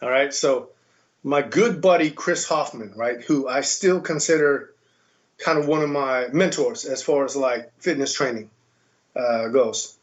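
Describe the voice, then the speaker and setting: An American man telling stories in a lively, casual way as a podcast guest. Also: mid-range voice, measured pace. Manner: animated, mimics voices in quotes. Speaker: podcast guest, kettlebell instructor. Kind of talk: casual storytelling. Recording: dull lo-fi sound.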